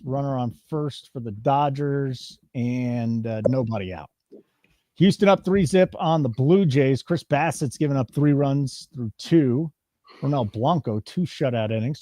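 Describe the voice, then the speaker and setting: A man's voice: medium pitch, dark tone, no echo, studio quality. A man co-hosting a live sports betting show, chatting casually and teasing his co-host while reading chat comments aloud. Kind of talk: casual live-stream banter.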